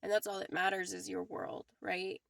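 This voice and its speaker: Gravelly-voiced woman giving a rambling reading. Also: mid-range voice, level tone, normal speed, no echo, studio quality. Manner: rambling, emotional, laughs often. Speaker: tarot reader. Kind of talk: casual spiritual reading to viewers.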